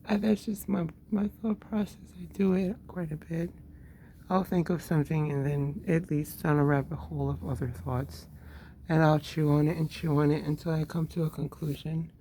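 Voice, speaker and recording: A woman's voice: deep voice, dark tone, a little hiss or hum. A woman and mother talking candidly in a casual personal monologue, swearing freely and laughing often.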